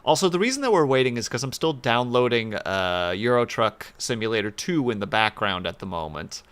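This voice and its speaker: A man's voice: mid-range voice, expressive, fairly quick, fairly bright tone, clean tone. A man chatting casually on a livestream, rambling with playful asides in a home setup with a desk mic. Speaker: streamer. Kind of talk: casual stream chat.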